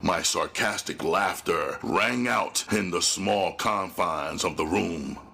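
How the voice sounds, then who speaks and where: A man with a very deep, gravelly voice narrates a gritty first-person audiobook. His husky tone and unhurried pace give the reading a cold, menacing weight. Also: sharp tone.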